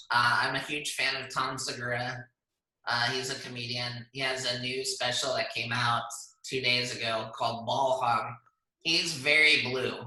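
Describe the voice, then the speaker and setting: A man's voice: medium pitch, pushed and bright. A man co-hosting a podcast over a video call, chatting casually and laughing easily as he talks. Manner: chatty, laughs often while talking. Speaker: podcast co-host. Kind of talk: casual chat. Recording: roomy video call audio.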